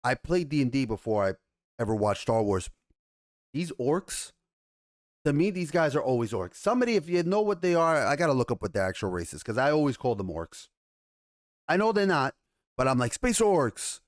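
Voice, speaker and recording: Excitable man swearing through a trailer reaction. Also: mid-range voice, brisk, no echo, clean studio sound. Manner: excitable, chatty, swears freely. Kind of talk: casual reaction commentary.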